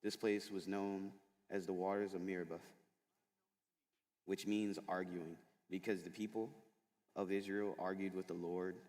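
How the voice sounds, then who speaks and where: A man's voice: sits low, level tone, a little slow, long pauses, a little mellow. A man giving a sermon to middle school students in a school chapel, chatty and informal, full of fillers as he tells stories. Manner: casual, chatty storytelling with many fillers. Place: large school chapel hall. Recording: long echo of a large hall.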